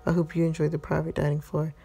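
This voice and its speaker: A woman's voice: deep voice, level tone, fast, creaky, mellow, breathy edge, faint music behind, full character voice. A woman putting on a suave Spanish-accented restaurant owner. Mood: courteous. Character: smooth flirtatious male restaurant owner.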